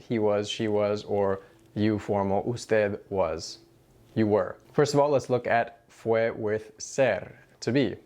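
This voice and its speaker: A man giving a language lesson, explaining words in a clear, measured way and reading example sentences slowly. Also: lowish voice, darkish tone. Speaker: Spanish teacher.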